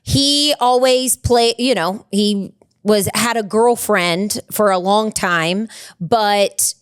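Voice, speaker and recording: A woman guest telling a family story in casual chat, animated and laughing, with many fillers. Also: mid-range voice, slow, smooth, no room sound. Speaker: podcast guest.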